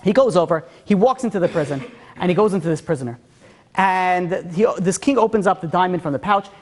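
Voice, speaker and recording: A man, a rabbi, telling a story in an animated, conversational way. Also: high-pitched, fairly quick. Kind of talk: storytelling talk.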